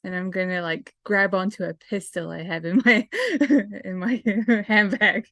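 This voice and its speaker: A woman's voice: medium pitch, a little slow, a bit bright, no room sound. Firm woman player, dry sound. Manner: firm, laughing in-character play. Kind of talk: playing a tabletop game.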